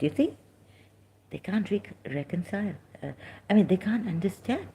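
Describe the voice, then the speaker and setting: A middle-aged woman with a low, mellow voice talks through religious questions off the cuff. She wanders from point to point, stopping on "uh" and restarting her sentences. It comes across as unscripted commentary. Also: lively intonation, moderate pace. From Pakistan. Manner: rambling and hesitant, with frequent fillers and restarts.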